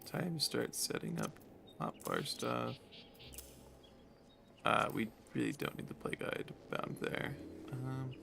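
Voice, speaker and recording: A man's voice: medium pitch, huge pitch swings, takes it slowly, vocal fry, pauses often, background noise. A man streaming a game, making casual, self-deprecating asides as he plays. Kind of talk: casual commentary while playing.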